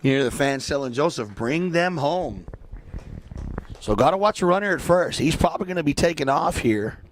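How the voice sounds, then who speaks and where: A man doing play-by-play for a local baseball game, chatty and joking between pitches. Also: animated, quick pace, slight background noise. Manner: joking, chatty, breaks into silly asides. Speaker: play-by-play announcer.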